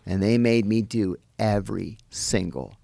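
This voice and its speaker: An American man, a guest on a podcast, telling his story in an animated way and acting out the people he quotes. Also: on the low side, measured pace, vocal fry, no echo, clean studio sound. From United States.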